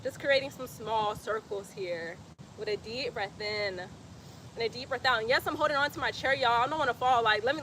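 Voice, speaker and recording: A woman's voice: a little high, bright, forceful tone, a little hiss or hum. A woman, leading a live-streamed yoga class outdoors and reading comments in a playful, chatty way. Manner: playful, chatty, laughs often, breathy cues. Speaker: yoga instructor.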